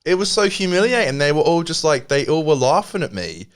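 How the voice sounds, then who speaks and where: Man, twenties, podcast co-host; animated, rambling, swears a lot, wears his feelings openly. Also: fairly high pitch, fairly quick, slight background noise. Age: 20s. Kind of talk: casual comedic storytelling.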